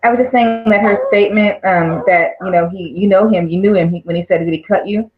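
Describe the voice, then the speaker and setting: A woman joining a casual live-stream chat as a guest over a video call, halting with fillers. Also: medium pitch, fairly even intonation, crowd noise. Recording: tinny call audio.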